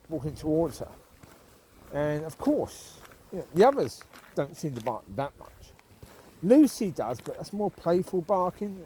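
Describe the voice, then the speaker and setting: A man in a casual walk-and-talk, outdoors at night with faint background noise. His voice sits fairly high and swings widely in pitch as he makes his points. He is opinionated, repeats himself for emphasis and chuckles often. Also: dark tone. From United Kingdom. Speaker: vlogger. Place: outdoors at night, walking dogs.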